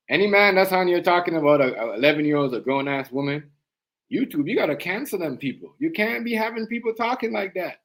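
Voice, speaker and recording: A man's voice: a little high, poor audio. Heated ranting streamer man. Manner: heated, repetitive ranting that swings from loud to muttered. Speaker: live streamer. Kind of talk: ranting live-stream commentary.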